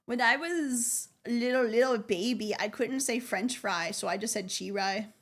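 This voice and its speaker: A woman's voice: a little high, normal speed. A young woman streamer chatting casually and playfully, giggling and repeating words to test how she says them. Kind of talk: casual live-stream chat.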